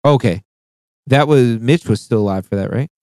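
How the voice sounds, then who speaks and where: A man's voice: mid-range voice, normal speed, dark tone, no echo, studio quality. A man co-hosting a casual podcast, blunt and self-mocking, swearing often. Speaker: podcast co-host. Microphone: podcast mic.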